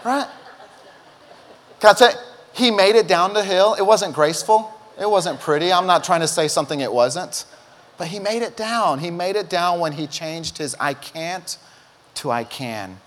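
A man's voice: high-pitched, normal speed. A middle-aged male pastor preaching a sermon, telling stories animatedly and acting out quotes. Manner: animated storytelling, acts out quotes. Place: church auditorium. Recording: long hall reverb.

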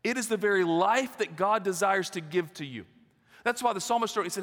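A man's voice: high voice, normal speed, fairly bright tone. A man, preaching an earnest sermon full of rhetorical questions and repetition. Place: church sanctuary. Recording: long hall reverb.

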